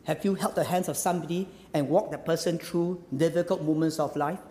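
A man's voice: a little high, fairly even intonation, brisk, mellow, long reverb tail. A male pastor preaching a sermon, emphatic, repeating phrases and firing rhetorical questions.

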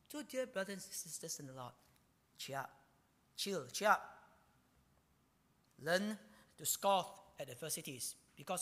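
A man pastor preaching a sermon, his bright, forceful voice swinging up and down with plenty of life. He keeps tagging phrases with a drawn-out "ah". The sound has the long reverb of a church hall. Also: sits high. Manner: animated, ends phrases with a drawn-out "ah".

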